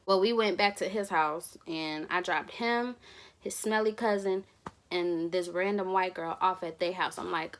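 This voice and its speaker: Young woman doing a storytime vlog, animated, laughs a lot, acts out the voices. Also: lowish voice, a little slow. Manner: animated and laughing, acting out dialogue. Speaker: vlogger.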